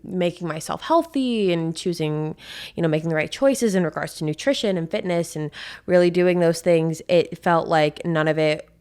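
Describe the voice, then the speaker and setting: A fairly low-pitched young woman hosts her own podcast, chatting openly to her listeners. Her voice is a little congested and throaty from a cold. She keeps it casual and confiding. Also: normal speed, darkish tone, smooth. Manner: chatty and confiding, addresses listeners as "you guys". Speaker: podcast host. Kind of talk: solo casual chat.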